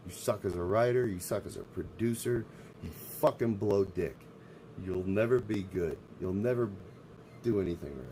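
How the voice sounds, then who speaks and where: A man's voice: fairly low pitch, normal speed, dark tone, slight background noise, rough recording. A man streaming live, ranting in a profane, abrasive way. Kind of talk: casual livestream rant.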